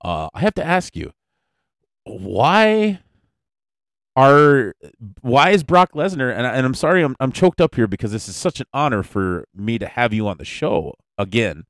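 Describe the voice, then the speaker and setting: A man's voice: medium pitch, sing-song, normal speed, no room sound. A man hosting a podcast, chatting casually and interviewing his co-host in a playful, mock-formal way. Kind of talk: casual chat.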